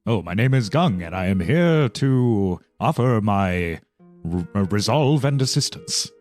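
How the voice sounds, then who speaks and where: A man voicing a small, earnest male goblin who speaks formally and haltingly, eager to help. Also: on the low side, lively intonation, a little mellow, faint music behind. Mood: earnest polite.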